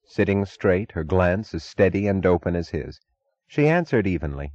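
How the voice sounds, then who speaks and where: A man narrating an audiobook in a measured, even reading. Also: low voice, no room sound, dull audio. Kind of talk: scripted narration.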